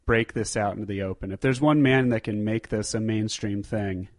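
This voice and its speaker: A man's voice: fairly low pitch, normal speed. A man co-hosting a casual sports podcast with playful, speculative banter. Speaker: podcast co-host.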